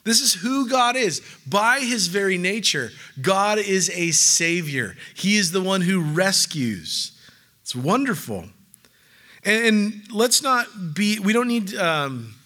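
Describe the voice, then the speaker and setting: A man's voice: sits high, pushed and bright. A man preaching a sermon in a casual, conversational way, with joking asides and scripture read aloud. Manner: reads scripture aloud within the talk.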